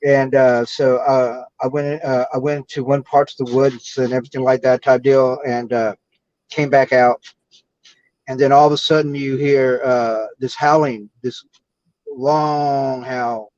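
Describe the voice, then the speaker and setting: A man from Texas telling a story in a halting way, full of fillers and restarts, over a video call. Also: mid-range voice, steady tone, a little mellow, no room sound. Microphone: computer or phone mic on a video call. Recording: dull lo-fi video call audio.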